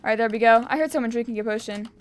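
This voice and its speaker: A young woman giving excitable gameplay commentary, cheering and shrieking as she plays. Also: a little high, very fast, heavy background noise. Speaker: gaming YouTuber.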